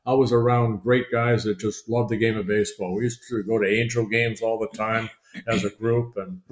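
An older man, a retired pitcher, telling chatty, rambling stories in a podcast interview, full of fillers and restarts. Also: fairly even intonation, normal speed. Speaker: guest, retired baseball pitcher. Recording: roomy echo.

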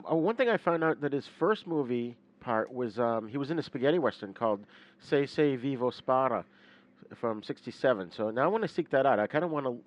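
A man's voice: medium pitch, lo-fi sound. A man co-hosting a podcast, talking casually about films and listing titles, with some filler words. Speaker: podcast co-host. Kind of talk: casual film discussion.

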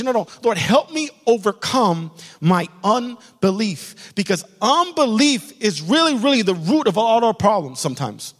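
A man's voice: sits high, sing-song, unhurried, few pauses. A man pastor preaching a sermon with passion, repeating key lines for emphasis. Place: church sanctuary. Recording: long hall reverb.

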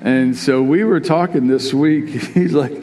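A pastor delivers a sermon in a fairly high, slightly slow voice with a dark tone, faint music playing behind him. He is earnest and openly emotional, often repeating his words as he urges the congregation. The church sanctuary is large, giving the recording a long reverb.

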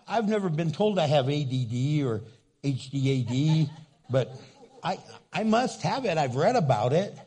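Older pastor, husky voice pitched high, jokey and animated preaching. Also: male voice. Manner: animated, humorous, acts out voices in quotes. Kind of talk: sermon.

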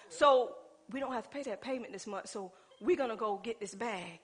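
A woman's voice: a little high, moderate pace, husky. A woman pastor preaching a sermon in a colloquial style. She calls out to the congregation and acts out little scenes from her own life.

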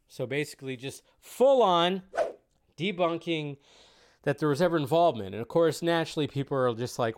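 A man's voice: a little high, animated, normal speed. A man hosting a casual live stream about film news, chatty and rambling, cursing now and then.

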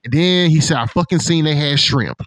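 A man in casual chat with a friend, an animated, profane storyteller who acts out what others said. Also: a little high, a little fast, dry recording. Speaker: podcast co-host.

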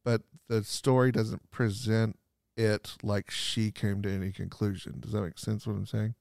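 A man's voice: lowish voice, flat delivery, normal speed, creaky, a little mellow, dry recording, studio quality. A man co-hosting a podcast, arguing a reading of a film and checking whether he makes sense. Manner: probing, restarts, asks questions. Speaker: podcast co-host. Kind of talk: casual movie discussion.

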